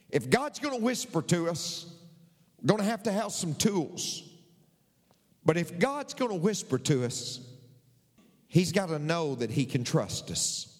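A preacher man talks to his congregation with a folksy touch, repeating his main points. His voice sits high and swings widely as he takes his time. A long reverb trails every phrase. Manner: folksy, repeats key lines for emphasis. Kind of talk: sermon.

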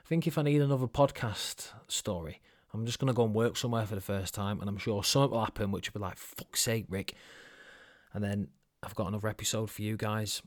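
A man's voice: lowish voice, fast talker, dry recording. Guy on his one man podcast, swearing a lot, laughing at himself, dry close sound. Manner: sweary, self-mocking and chatty. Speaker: podcast host. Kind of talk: casual solo storytelling.

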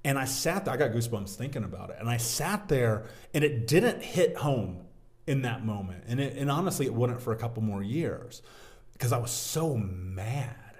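Male guest, 30s, animated storyteller, casual interview delivery, mid pitch. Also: moderate pace. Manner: animated storyteller, says "dude" and "man". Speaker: podcast guest, business owner.

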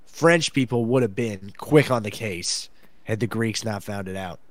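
A man's voice: lowish voice, a little slow, dry recording. A man from the American Midwest co-hosting a podcast, with teasing casual chat. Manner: dry, teasing, laughs often. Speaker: podcast co-host.

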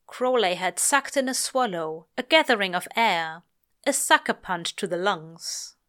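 Slow, lyrical woman reading fiction. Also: mid-range voice, animated, bright, forceful tone. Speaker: reader. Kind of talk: audiobook-style fiction reading.

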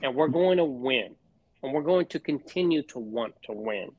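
A man's voice: mid-range voice, lively intonation, moderate pace, no echo, narrow, tinny audio. Man, podcast co-host, swears a lot, fired-up rants, dry close mic. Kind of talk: casual sports podcast chat.

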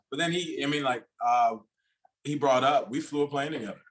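A man's voice: mid-range voice, moderate pace, crowd noise. A man talking as a podcast guest in a casual, rambling way, with loose, restarting sentences. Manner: rambling, many fillers and restarts.

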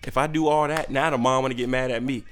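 A young man hosting a podcast, ranting in a profane, animated way with sudden jumps in pitch. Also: fast, slight background noise. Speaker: podcast host. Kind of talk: solo comedic rant.

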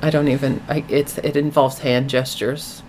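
A woman's voice: rumbling low, flat delivery, moderate pace, noisy background. A woman in her forties co-hosting a casual home podcast, teasing her husband and laughing often. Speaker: podcast co-host. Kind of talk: casual chat.

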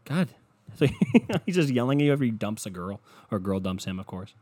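A man's voice: lowish voice, lively intonation, quick pace, warm tone, breathy edge, no echo. A man hosting a podcast, ranting in a sarcastic, profane, rambling way. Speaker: podcast host. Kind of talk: casual comedic rant.

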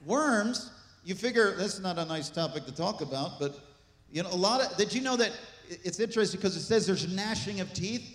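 A man preaching a sermon as pastor, animated, with asides and jokes to the congregation. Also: high voice, moderate pace. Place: church sanctuary. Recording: echoey church hall.

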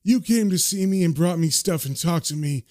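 A man voicing a cheeky, crude old male hospital patient who tells his stories in a raised, lively way. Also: fairly high pitch, moderate pace, natural voice. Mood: gentle.

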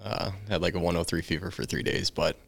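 Laid-back young guy telling stories, gravelly low voice. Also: steady tone, brisk, no room sound. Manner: laid-back storytelling with frequent laughs. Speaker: podcast guest. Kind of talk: casual chat.

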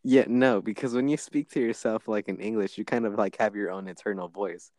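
A man's voice: on the low side, fairly quick, a little mellow, dry recording. A young man in casual chat with a friend, argumentative and teasing. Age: young adult.

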